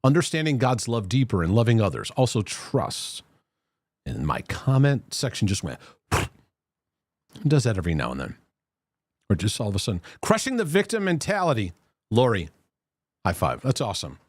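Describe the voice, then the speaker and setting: A man's voice: fairly low pitch, sing-song, moderate pace, long pauses, no echo, studio quality. A man hosting a Christian mental health livestream, chatting casually and reading out viewer comments, laughing easily between them. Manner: chatty, laughs easily, many fillers and restarts.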